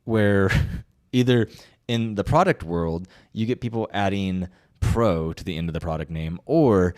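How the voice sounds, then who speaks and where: A man's voice: sits low, unhurried, darkish tone. A man co-hosting a podcast in casual chat, wry and opinionated. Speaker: podcast co-host.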